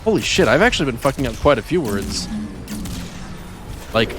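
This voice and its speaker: A man's voice: mid-range voice, very animated, normal speed, a bit bright, a little hiss or hum. A man streaming a game, rambling casually about words he says oddly and chatting with viewers as he plays. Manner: rambling, self-deprecating, chats with viewers while playing. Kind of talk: casual gaming stream chat.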